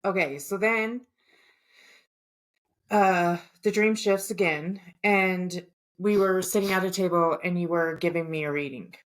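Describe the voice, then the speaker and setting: A woman's voice: on the low side, a little slow. Woman podcast co-host, casual and profane storyteller, mid-range voice. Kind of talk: casual chat, recounting a dream.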